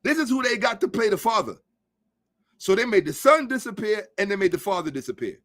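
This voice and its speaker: A man's voice: high-pitched, very animated, a little fast, a bit bright. A man hosting a podcast, giving a blunt, profane, emphatic commentary monologue and lecturing his listeners. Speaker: podcast host. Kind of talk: ranting social commentary monologue.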